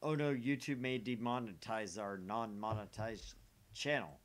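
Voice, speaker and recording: A man's voice: lowish voice, fairly even intonation, unhurried. A man hosting a casual gaming stream from home, joking and sarcastic, with hiccups, rambling through his explanations. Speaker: streamer host. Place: home, at a table.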